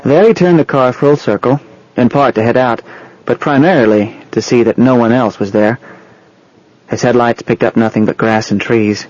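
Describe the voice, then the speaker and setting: A man reading a novel aloud in steady, scripted narration. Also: medium pitch, normal speed, highs cut off. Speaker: audiobook narrator.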